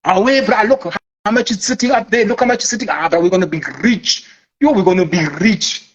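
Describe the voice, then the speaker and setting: A man's voice: high-pitched, very animated, a little fast, pitched above the performer's own voice. A man voicing a boastful, hyped big-money trader in slangy banter. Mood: excited.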